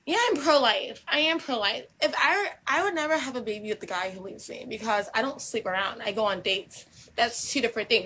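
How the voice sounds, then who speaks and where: A woman's voice: mid-range voice, pushed and bright, slight background noise, poor audio. A young woman in a casual monologue to camera, talking in a brash, combative and repetitive way and swearing freely.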